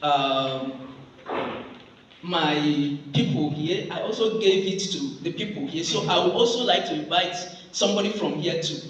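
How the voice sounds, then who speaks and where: A man's voice: fairly high pitch, a little slow, recorded from a distance. Man, Nigerian accent, classroom lecture, coaxing, very echoey hall, noisy background. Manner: coaxing, checks in with "okay?". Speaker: guest lecturer.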